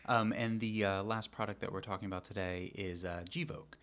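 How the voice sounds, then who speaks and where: A man with a fairly low voice co-hosts a relaxed chat show. He explains things steadily and informatively, dotting his sentences with fillers. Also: normal speed. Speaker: co-host. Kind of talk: casual chat.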